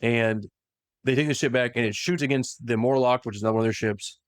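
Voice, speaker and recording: A man's voice: medium pitch, no echo, clean studio sound. Man animatedly recapping lore. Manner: animated retelling that slips into quick voiced quotes. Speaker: podcast host recapping lore. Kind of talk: casual lore recap chat.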